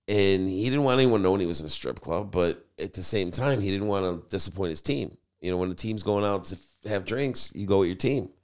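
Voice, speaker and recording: Podcast host, male, lowish voice, loose rambling storyteller. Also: smooth. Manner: rambling, anecdotal, repeats "you know". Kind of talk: casual storytelling chat.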